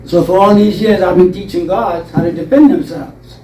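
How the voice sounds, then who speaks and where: An older man telling stories in an interview, animated and rambling, acting out voices from his past. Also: sits high, moderate pace, recorded from a distance, crowd noise. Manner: rambling, animated storytelling with acted quotes. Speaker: interview guest. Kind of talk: storytelling interview. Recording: roomy, from off-mic.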